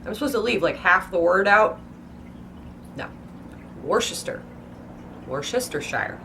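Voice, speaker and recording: Against a noisy background, a woman book vlogger talks at normal speed in a medium-pitched voice. Her rambling is casual, playful and hyper, with stretched-out words and exaggerated pronunciations.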